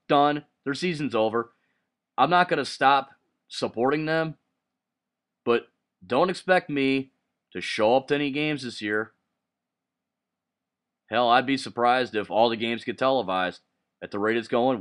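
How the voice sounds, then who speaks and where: Male sports vlogger, smooth clear voice, heated profane rant, mid-range pitch. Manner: heated, profane ranting with sharp outbursts. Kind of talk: solo sports rant to camera.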